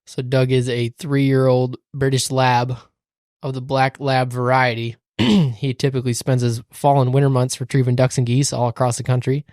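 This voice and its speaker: A man guesting on a podcast as a hunting guide, talking in a relaxed, modest way. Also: mid-range voice, moderate pace, dry recording, studio quality. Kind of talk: casual podcast chat. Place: small studio room.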